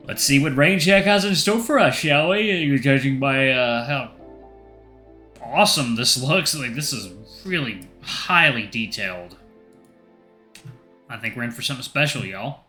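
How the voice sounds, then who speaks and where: A man's voice: medium pitch, unhurried, bright, forceful tone, soft background music. A man hosting a let's play of a visual novel, chatty and enthusiastic.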